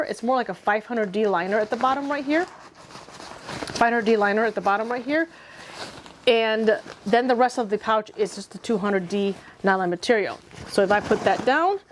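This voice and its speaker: A woman's voice: a little high, slight background noise. A woman walking through a detailed product comparison in a methodical, self-correcting way. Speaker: gear reviewer. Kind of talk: product review walkthrough.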